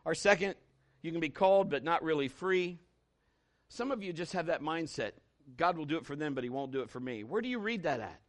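High-voiced folksy male preacher. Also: expressive, fairly quick. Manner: folksy, conversational preaching with acted-out stories; emphatic, with scripture quotes. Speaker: pastor. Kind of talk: sermon.

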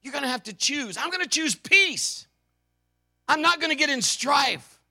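A pastor preaching a sermon, fervent and emphatic, with a folksy, conversational way of talking. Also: male voice, very high voice, animated, normal speed, vocal fry, pushed and bright.

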